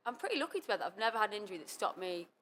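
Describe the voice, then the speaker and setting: A young woman, a cheerleader, guests on a casual podcast with a mid-range, sing-song voice that races along and sounds a bit bright. She's chatty and full of fillers, quoting herself as she recalls things. A little hiss or hum sits under the recording.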